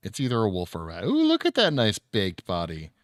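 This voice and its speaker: A man co-streaming with a friend, chatting in a relaxed, rambling way with plenty of swearing and fillers. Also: fairly low pitch, a little fast, dry recording, clean studio sound. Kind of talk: casual live-stream chat.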